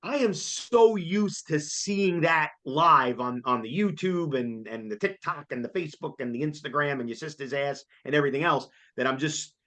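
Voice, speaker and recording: A man, chatting casually as co-host, excitable and jokey and laughing often. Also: a little high, normal speed, hardly any pauses. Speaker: co-host reviewing a concert. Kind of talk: casual chat.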